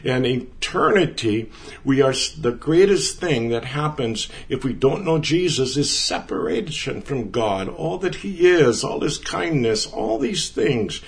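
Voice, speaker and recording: A man's voice: mid-range voice, animated, a little slow. Earnest man teaching from the Bible. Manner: earnest, emphatic, repeats words for stress.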